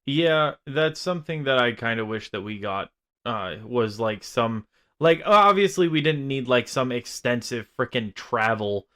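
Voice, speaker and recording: A man in a relaxed film review chat who talks at an unhurried pace. He rambles, restarts his sentences and drops casual swears while picking apart plot logic. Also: mid-range voice. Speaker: film podcast co-host.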